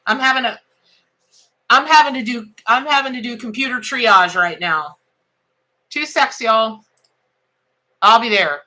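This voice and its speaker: A woman's voice: fairly high pitch, a little slow, long pauses, pushed and bright. A middle-aged woman, hosting a casual live-stream tarot reading in a chatty, exclamatory, folksy way.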